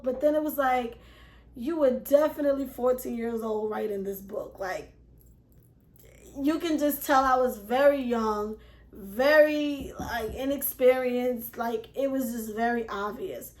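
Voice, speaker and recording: Animated woman with a high voice, echoey room. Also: a little slow. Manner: animated, acts out her own past thoughts with swearing. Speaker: vlogger and self-published author. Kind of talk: casual storytelling to camera. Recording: echoey room with music playing behind.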